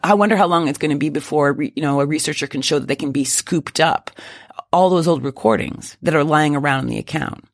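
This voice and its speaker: A man's voice: a little high, quick pace, dry recording, clean studio sound. A man co-hosting a casual tech podcast, explaining with lots of "right?" tags. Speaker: podcast co-host.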